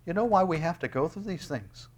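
A fairly high-pitched man preaching a sermon. He swings from loud, ringing exclamations down to near-quiet asides. He reads scripture aloud and closes in prayer. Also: animated, a little fast. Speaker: pastor.

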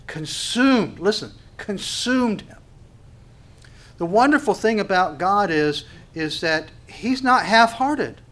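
A man's voice: sits high, animated, a little slow, hardly any pauses, bright, forceful tone. A man preaching a sermon with passion, acting out little dialogues between God and people as he goes. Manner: impassioned, acts out dialogue with God.

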